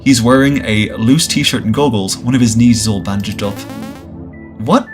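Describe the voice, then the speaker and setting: Man, game streamer, reads story text aloud, casual jokey asides, soft music under it. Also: fairly low pitch, fairly quick. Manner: casual, jokey asides between read lines. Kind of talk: reading a visual novel aloud with asides.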